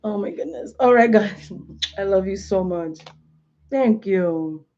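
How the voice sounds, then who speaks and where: A woman's voice: mid-range voice, lively intonation, measured pace, noisy background. A woman in her thirties hosting a live stream from home, chatting casually and animatedly in slangy talk full of fillers. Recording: dull lo-fi stream audio.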